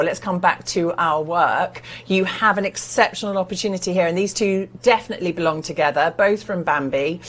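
A woman presenting artwork for sale, describing it and urging viewers to buy with eager persuasion. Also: lowish voice. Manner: enthusiastic persuasive selling. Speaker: art sales presenter. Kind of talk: TV sales pitch.

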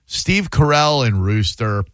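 A man's voice: mid-range voice, big pitch swings, slow, no room sound. A man hosting a radio show with casual banter, sarcastic and teasing. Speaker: radio host.

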